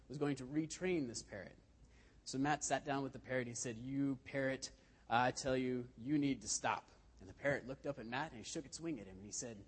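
Male lay preacher, conversational sermon, husky, churchy hall reverb. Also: a little high. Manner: conversational storytelling with frequent restarts. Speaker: lay speaker.

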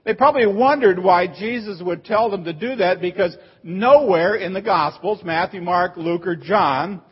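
A man's voice: sits high, breathy edge, dull audio. A man preaching a sermon as pastor, explaining a word like a teacher and rising to emphatic cries on the phrases he quotes.

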